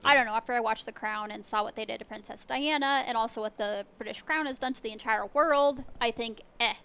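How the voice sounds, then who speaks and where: A woman's voice: fairly high pitch, bright, forceful tone, clean tone. Chatty woman co-hosting a podcast. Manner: candid, quick reactions, laughs along. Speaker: guest co-host. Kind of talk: casual chat.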